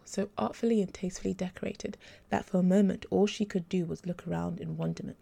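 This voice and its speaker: A woman author reading her own story aloud in an even, measured audiobook narration. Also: fairly low pitch, vocal fry.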